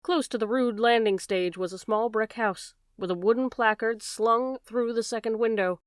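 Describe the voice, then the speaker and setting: A woman narrating a classic detective story as an audiobook reader, steady and even. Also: fairly high pitch, moderate pace, no room sound, studio quality. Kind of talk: scripted narration.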